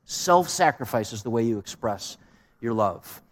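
A man's voice: mid-range voice, animated, unhurried. Preaching man in a reverberant hall. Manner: asks rhetorical questions, varied emphasis. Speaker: pastor. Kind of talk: sermon.

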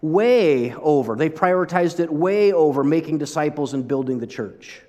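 Conversational preacher in a reverberant hall. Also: male voice, on the high side, moderate pace. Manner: conversational, animated, self-interrupting. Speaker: pastor. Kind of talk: sermon.

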